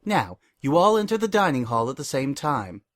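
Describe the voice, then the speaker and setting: A man voicing a high-strung young mare who runs the game, bossy and quickly exasperated. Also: big pitch swings, close to an everyday voice. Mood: eager. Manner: bossy, exasperated, bursts into shouts.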